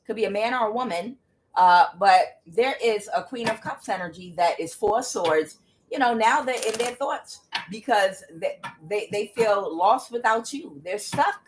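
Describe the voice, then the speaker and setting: Woman, tarot reader, casual reading, emphatic, exclaiming, mid-pitched voice. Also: animated, a little slow, noisy background. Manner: emphatic, exclaiming, talks straight to viewers.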